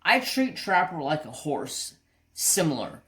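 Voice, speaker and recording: A woman hosting a craft channel, telling a rambling, animated story with mild cursing. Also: low-pitched, measured pace. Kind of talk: casual storytelling while crafting.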